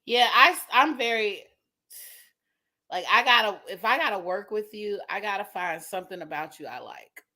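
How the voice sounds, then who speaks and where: A woman co-hosting a comedy podcast, tossing in quick, playful remarks. Her voice has a bright, sharp edge. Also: medium pitch, animated. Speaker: podcast co-host. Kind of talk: casual comedy podcast chat.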